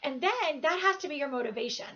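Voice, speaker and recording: A woman's voice: high-pitched, lively intonation, quick pace, fairly bright tone, muffled recording, faint music behind. A woman in her thirties giving an earnest, emphatic motivational talk, repeating phrases to drive home her point. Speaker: motivational speaker.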